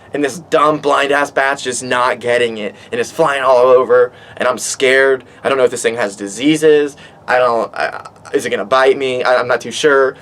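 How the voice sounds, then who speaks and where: A man vlogging from his back porch, telling a story in an animated, rambling way and swearing a lot. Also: mid-range voice. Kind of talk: casual storytelling monologue. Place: outdoors on a back porch by water.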